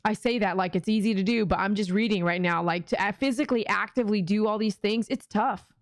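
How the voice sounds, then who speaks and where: A middle-aged woman with a Texan accent hosts a relaxed livestream prayer session, chatting with viewers and acting out her own inner voice. She speaks briskly at medium pitch, and the audio is studio quality with no echo.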